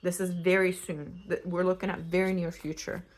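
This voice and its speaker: A young woman from Eastern Europe giving a casual pick-a-card tarot reading, chatty and animated and prone to tangents. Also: fairly low pitch, moderate pace. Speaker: tarot reader.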